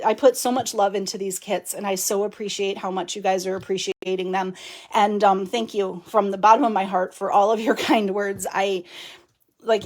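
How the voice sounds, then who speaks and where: A woman hosting a casual crafting live stream, chatty and effusive, laughing often and greeting viewers by name. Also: medium pitch.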